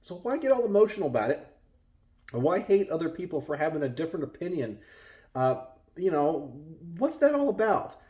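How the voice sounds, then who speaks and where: A man's voice: very animated, brisk, warm tone. A middle-aged man with a Texan accent, talking casually to his viewers from his garage, exasperated and full of rhetorical questions. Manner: exasperated, rhetorical, mimics others in high voices. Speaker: gun channel host. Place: home garage.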